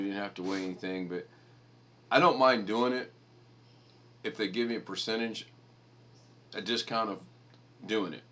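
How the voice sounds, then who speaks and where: A middle-aged man hosting a live stream, chatting casually and bluntly, acting out the people in his stories. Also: fairly bright tone. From United States. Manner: blunt storyteller, mimics people in high voices. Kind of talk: casual chat.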